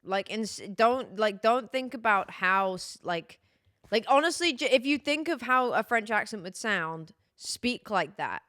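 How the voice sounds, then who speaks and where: A woman's voice: on the high side, animated, a little slow, fairly bright tone, no echo, clean studio sound. Young british woman streaming, rambly chatty gamer talk, keeps correcting herself. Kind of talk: casual chat while gaming.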